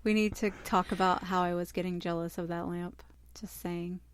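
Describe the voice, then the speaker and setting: A woman's voice: on the low side, fairly even intonation, slight background noise. A woman co-hosting a casual podcast chat, frank and teasing with the others. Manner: teasing, frank, quick to laugh along. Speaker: podcast co-host.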